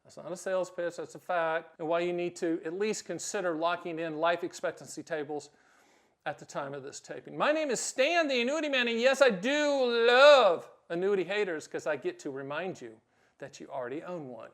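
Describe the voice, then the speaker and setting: A middle-aged man hosting a direct-to-camera explainer, blunt and emphatic with sudden loud bursts. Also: sits high, moderate pace. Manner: acts out short quoted exchanges. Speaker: host.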